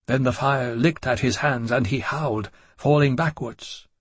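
A man narrating a gothic novel in the first person, measured and dramatic. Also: mid-range voice, husky, no room sound. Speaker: audiobook narrator.

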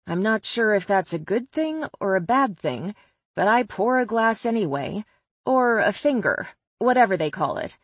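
A woman's voice: mid-range voice, big pitch swings, moderate pace, no room sound. A woman narrating a first-person novel as an audiobook, with a wry, sardonic delivery.

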